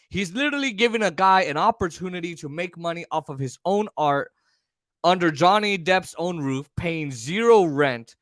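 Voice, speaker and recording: Bright-voiced rambling male commentator. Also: high-pitched, dry recording, studio quality. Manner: rambling, many fillers and restarts. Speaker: commentary host. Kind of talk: casual commentary.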